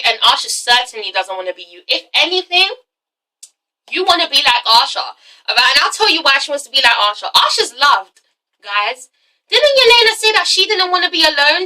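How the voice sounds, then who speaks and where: Woman reviewer, casual recap chat, animated and profane, high bright voice, a bit away from the mic. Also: recorded from a distance, poor audio. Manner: animated, profane, acts out the scenes. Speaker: TV show reviewer.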